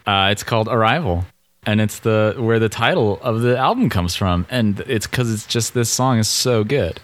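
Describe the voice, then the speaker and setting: A man's voice: on the low side, normal speed. A man co-hosting a podcast in casual chat, joking and laughing easily as he reads listener reviews aloud. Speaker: podcast co-host.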